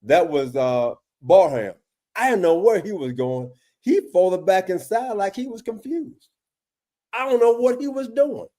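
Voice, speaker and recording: Man in a casual football film breakdown, higher-pitched with a warm mellow tone, emphatic and exasperated, restarts often. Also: animated, measured pace. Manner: emphatic, exasperated questioning, often addresses co-host by name; frequent restarts and repeated words. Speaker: football defensive analyst.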